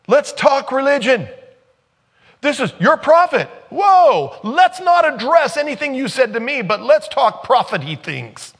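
A man putting on a high, breezy woman's voice for a sermon skit. She dodges every hard point and chatters to change the subject. Her voice is pitched well above his own, lively and deflecting. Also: unhurried, breathy edge, long reverb tail, full character voice. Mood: evasive.

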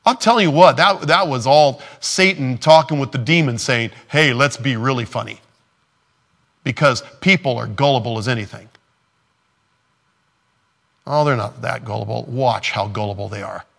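A man's voice: mid-range voice, normal speed, vocal fry, long pauses, a bit bright. A man preaching a sermon in a casual, sarcastic way, acting out quotes as he goes. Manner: conversational, sarcastic, acts out quotes. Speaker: pastor.

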